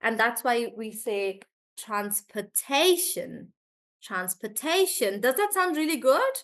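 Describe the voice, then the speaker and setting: A woman teaching English pronunciation in a live class, repeating each word slowly to model the stress and calling on students by name. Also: fairly high pitch, big pitch swings. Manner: calls on students by name and checks in with them.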